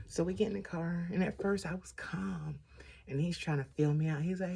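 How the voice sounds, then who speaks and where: A woman's voice: on the low side, fairly even intonation, fairly quick, creaky, dark tone, slightly rough. A woman vlogger chatting through a casual storytime while doing her makeup, getting sidetracked and animatedly retelling what people said.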